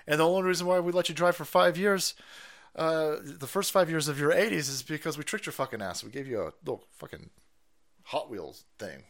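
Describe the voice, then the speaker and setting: Male stream host, profane mocking rants, bright animated voice with big pitch swings. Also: fairly quick. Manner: profane, mocking, laughing asides. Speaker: livestream host. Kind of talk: ranting political commentary.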